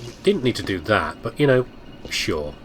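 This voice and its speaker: A man's voice: lowish voice, big pitch swings, moderate pace, background noise. A man giving casual, self-mocking commentary while playing a video game, chatting to his viewers and to the objects on screen. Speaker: let's play gamer.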